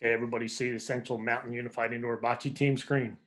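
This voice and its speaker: A special education teacher presenting to a school board over a video call, in a casual, rambling way. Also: male voice, medium pitch, level tone, quick pace, a bit bright.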